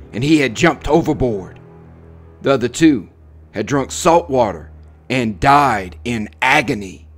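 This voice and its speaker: A man narrating a horror story in a measured, suspenseful dramatic reading. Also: mid-range voice. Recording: faint music under the voice.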